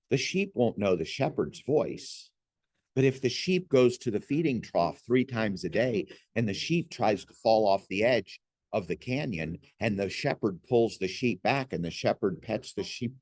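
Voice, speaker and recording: A man with a mid-pitched voice gives a spoken faith lesson in an earnest, pastoral way, reaching for homely examples. The sound is dry and close, with no room echo. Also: a little mellow. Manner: earnest, pastoral, folksy illustrations. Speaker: Christian teacher. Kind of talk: gentle spoken teaching.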